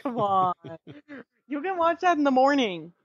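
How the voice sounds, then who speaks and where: A woman's voice: high voice, moderate pace. Woman telling a story, lo-fi. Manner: animated, swears freely, acts out quotes. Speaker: podcast guest. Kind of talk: casual storytelling chat.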